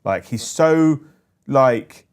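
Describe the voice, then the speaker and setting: A man's voice: mid-range voice, animated, extremely slow, a little mellow, clean tone. A man co-hosting a casual podcast chat, enthusiastic and nostalgic as he tells stories. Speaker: co-host.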